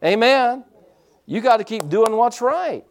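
A man pastor preaching a sermon in a conversational way, dropping in frequent amens and moving between quiet asides and louder emphatic points. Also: extremely high pitch, lively intonation, unhurried, a little hiss or hum.

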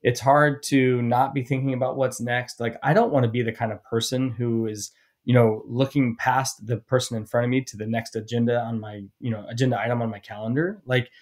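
A man's voice: medium pitch, level tone. A man hosting a podcast interview, thinking aloud and reflecting in a casual, searching way. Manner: reflective, thinks aloud, quick reactions of awe. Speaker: podcast host.

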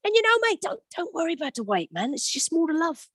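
A woman's voice: very high voice, very animated, a little fast, a bit bright, no echo, clean studio sound, full character voice. A woman playing a pushy, cheerful bloke. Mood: coaxing. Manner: eager, repetitive, coaxing. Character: pushy, cheerful male mate egging on a sad friend. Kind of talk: improv scene.

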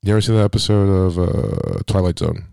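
Fast-talking deep-voiced man rambling. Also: big pitch swings, gravelly, dark tone, dry recording, studio quality. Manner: rambling, profane storytelling full of "like". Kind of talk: casual podcast chat.

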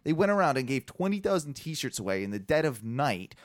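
A man's voice: medium pitch, very animated, a little fast, no echo, clean studio sound. Rambling, profane podcast guy. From Orlando area, Florida. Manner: rambling storytelling, loose and profane. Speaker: podcast co-host. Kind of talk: casual chat.

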